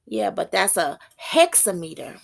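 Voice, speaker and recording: A woman teaching poetic meter in an informal spiritual talk, thinking aloud, slowing down to read terms and stumbling over unfamiliar words. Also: lowish voice, very animated, gravelly.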